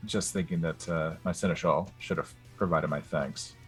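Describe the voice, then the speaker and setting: Man, low voice, dry joking manner, tabletop player, faint music. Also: steady tone, moderate pace, slightly rough. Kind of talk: casual tabletop game play.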